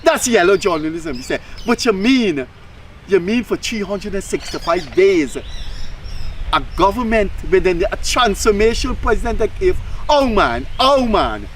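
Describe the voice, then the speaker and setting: A man's voice: high-pitched, sing-song, normal speed, fairly bright tone, slight background noise, rough recording. A man with a Guyanese accent hosting a talk show, giving opinionated, emphatic commentary with mocking asides.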